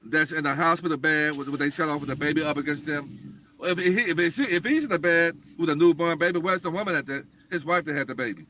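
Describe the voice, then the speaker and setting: A man's voice: on the high side, fast talker, bright, forceful tone, a little hiss or hum. A man talking as a guest on a livestream talk show, speaking emphatically and insistently.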